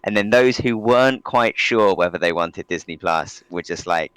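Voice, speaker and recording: A man co-hosting a podcast in casual chat, animated, with frequent restarts and swearing. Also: low-pitched, moderate pace, smooth, no room sound, low-quality recording. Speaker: podcast co-host.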